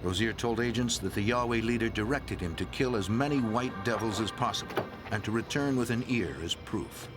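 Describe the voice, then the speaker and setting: A man's voice: fairly low pitch, a little fast, hardly any pauses. Serious male documentary narrator over music. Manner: even, serious storytelling delivery. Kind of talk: scripted narration.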